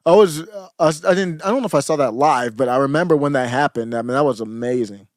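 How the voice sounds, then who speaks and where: A man co-hosts a podcast, chatting casually and nostalgically and often trailing off before restarting his sentences. His mid-range voice moves at a quick pace, recorded dry at studio quality.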